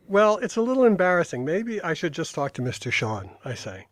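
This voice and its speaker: A man's voice: a little high, big pitch swings, brisk, few pauses. An older man reading aloud from his own memoir at a live talk, in dry storytelling with brief asides to the audience.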